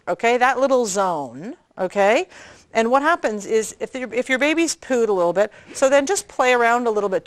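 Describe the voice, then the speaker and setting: A woman's voice: mid-range voice, dry recording. A woman midwife teaching a prenatal class, talking hands-on and checking in with her listeners. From Canada. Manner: chatty, demonstrative, often checking in with "okay?".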